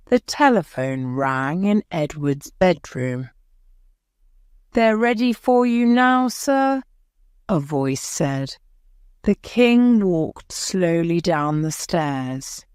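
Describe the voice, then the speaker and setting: A woman reads an audiobook story in a low voice, pacing each phrase very slowly and clearly. Her careful, steady reading suits English learners. The sound is close and dry, recorded on a close mic. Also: dry recording. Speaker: audiobook narrator. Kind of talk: graded-reader story narration for English learners.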